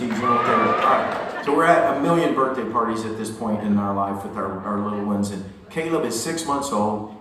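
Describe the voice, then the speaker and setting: A middle-aged singer-songwriter telling an animated, joking story to a concert audience between songs. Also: male voice, medium pitch, slight background noise. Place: theater stage. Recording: echoey hall recording from far off.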